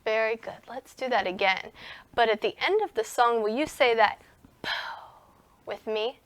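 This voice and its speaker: A young woman teaching a recorded music lesson to young children, gentle and encouraging. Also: fairly high pitch. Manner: gentle and encouraging, speaks slowly to young children, sings and whispers in parts.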